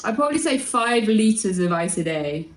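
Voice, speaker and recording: A woman's voice: mid-range voice, big pitch swings, echoey room, noisy background. A woman guest in a casual chat over a call, playful and teasing. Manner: playful, teasing, quick to laugh.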